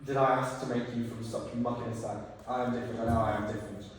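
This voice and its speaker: A man's voice: mid-range voice, flat delivery, quick pace, slight background noise, natural voice. A man reading out the lines of a scornful, sneering male monster, heard from far off in an echoey hall. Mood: brooding. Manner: sneering, insulting.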